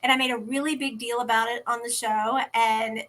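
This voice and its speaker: Bright, animated woman telling stories. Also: a little high, brisk. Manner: animated, acts out quoted dialogue. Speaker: interview guest, teen podcast organizer. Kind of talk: casual interview storytelling. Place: at home.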